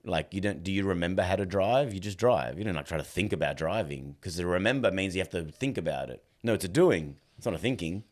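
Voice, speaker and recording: A man's voice: deep voice, fast, hardly any pauses. A man, a podcast guest and dog trainer, chatting casually and acting out quoted dialogue as he tells stories. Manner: animated storyteller, acts out quoted dialogue. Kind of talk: casual conversation.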